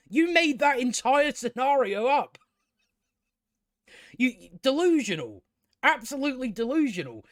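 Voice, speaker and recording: High-voiced, exasperated man ranting. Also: no echo, clean studio sound. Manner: exasperated, sweary, repeats himself. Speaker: TV review vlogger. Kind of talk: casual ranting review.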